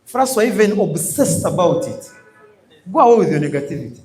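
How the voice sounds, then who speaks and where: A man's voice: sits high, very animated, a little fast, darkish tone. A man with a Ugandan accent giving a motivational business training talk, emphatic and repetitive, calling out questions for the audience to answer. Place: training session before a live audience.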